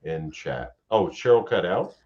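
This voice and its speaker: A man's voice: low voice, big pitch swings, a little slow, a crowd in the background. A man hosting a casual late-night livestream, rambling and swearing freely as he chats with guests. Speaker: livestream host. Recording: dull lo-fi stream audio with faint hiss.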